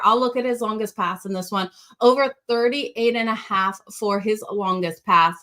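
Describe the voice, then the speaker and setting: Bright-voiced woman with a slight Australian accent. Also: mid-range voice. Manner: upbeat, addresses viewers directly. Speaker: sports betting show host. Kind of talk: sports betting picks talk.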